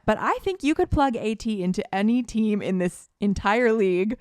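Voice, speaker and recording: A woman's voice: mid-range voice, animated, moderate pace, a little mellow, dry recording. Woman, podcast co-host, casual sports chat, gushing fan, dry close sound. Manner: enthusiastic, gushing fan talk.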